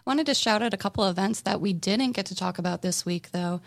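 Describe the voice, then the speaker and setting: A woman co-hosts a community radio show and reads out event announcements in a loose, easygoing way. Her voice has a gravelly edge of fry and she leans on fillers as she goes. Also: mid-range voice, brisk. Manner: relaxed, with many fillers. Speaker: radio co-host. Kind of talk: casual radio chat with announcements.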